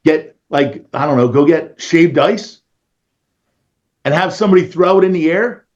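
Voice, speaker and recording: A man's voice: a little high, normal speed, a little mellow, muffled recording. A man with a Philadelphia accent, a real estate agent talking energetically and in a salesy way on a casual panel call.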